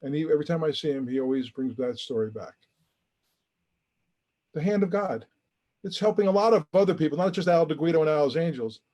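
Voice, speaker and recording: A man's voice: on the high side, animated, brisk, pauses often, warm tone. A man who is a guest on a podcast, telling a story with feeling and acting out the quoted dialogue. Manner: emotional, earnest. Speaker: interview guest, charity founder.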